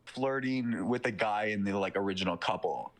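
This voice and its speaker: A man's voice: fairly low pitch, normal speed. Young man rambling through a story. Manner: rambling retelling full of fillers and swearing. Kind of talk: casual chat.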